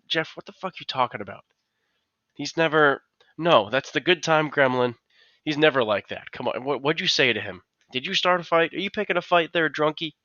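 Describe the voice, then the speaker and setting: A man's voice: mid-range voice, no echo, highs cut off. A man on a podcast, telling a story casually and acting out what his coworkers said. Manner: animated, acts out quotes of coworkers. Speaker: podcast co-host.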